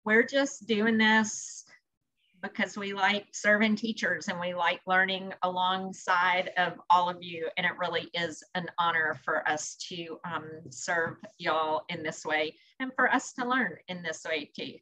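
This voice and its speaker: A woman's voice: on the low side, steady tone, measured pace, bright, forceful tone, rough recording. A woman hosting a teachers' online session on a video call, upbeat and encouraging. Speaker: session host. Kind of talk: welcoming host remarks.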